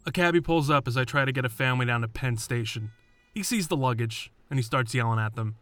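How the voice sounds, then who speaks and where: A man's voice: medium pitch, moderate pace, a bit bright, clear, resonant tone, dry recording. A man narrating his own story in a scripted, blunt and profane first-person telling.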